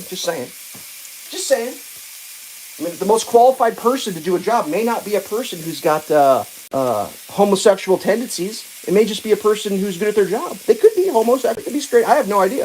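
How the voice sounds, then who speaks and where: A woman's voice: mid-range voice, a little mellow, slight background noise, low-quality recording. A woman hosting a livestream, ranting casually with profanity, many restarts and exasperated asides. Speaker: livestream host.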